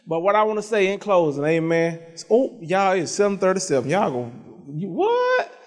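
A man's voice: high-pitched, fairly quick, in a large hall. A man preaching in a church, telling a personal testimony with many amens and half-sung repeated phrases. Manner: conversational storytelling with frequent amens. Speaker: pastor. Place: church sanctuary.

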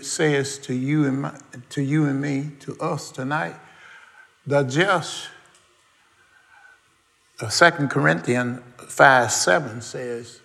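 A gravelly-voiced man preaches. He asks the congregation question after question and drops in folksy asides, using everyday dialect grammar. He keeps a slow, deliberate pace. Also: a little high, bright, forceful tone. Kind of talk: sermon.

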